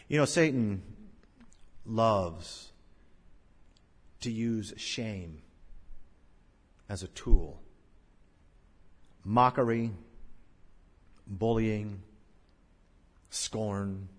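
A male pastor preaching a sermon, swelling to loud, drawn-out scripture recitations and dropping to hushed lows. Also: husky. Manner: slow, drawn-out recitation of King James verses. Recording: long church-hall reverb.

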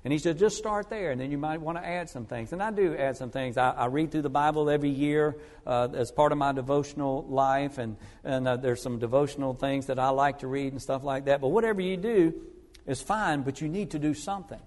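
A man preaching a sermon as an evangelist, telling stories earnestly and moving between loud emphasis and hushed asides. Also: a little high, fairly quick. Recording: long reverb of a large hall.

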